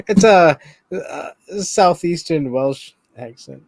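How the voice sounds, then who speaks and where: A man's voice: a little high, animated, extremely slow, no echo. A man co-hosting a podcast, joking in casual chat and laughing often. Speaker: podcast co-host.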